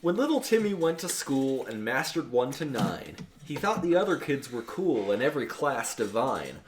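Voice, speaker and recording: A man co-hosting a podcast, reading a comic poem aloud with a lively, rhythmic delivery. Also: medium pitch, moderate pace, a little hiss or hum. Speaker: podcast co-host. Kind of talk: casual chat, reading verse aloud.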